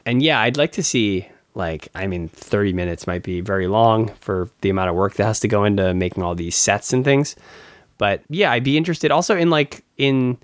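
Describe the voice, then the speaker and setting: A man's voice: fairly low pitch, moderate pace, no echo. A man co-hosting a podcast in casual chat, rambling with many fillers and restarts. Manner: laughs often. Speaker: podcast co-host.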